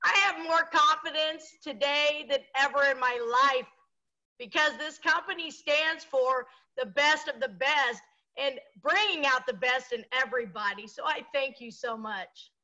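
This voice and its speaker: A woman speaks up on a video call to give heartfelt thanks. Her voice is high and piercingly bright, and the sound comes through somewhat dull. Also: unhurried. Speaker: team member.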